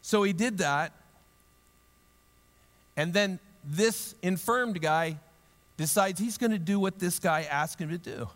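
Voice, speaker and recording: Animated, humorous male pastor preaching in a reverberant hall. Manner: animated and humorous, acting out the story in voices; drops to a low, quiet, earnest tone. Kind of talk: sermon.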